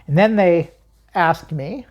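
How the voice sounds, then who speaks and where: Low-voiced woman telling her own story, husky and mellow, keeps laughing a bit and asking herself stuff. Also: slow pace, lo-fi sound. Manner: emphatic, chuckles often, asks herself questions. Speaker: channel host recounting a personal story. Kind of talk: personal storytelling monologue.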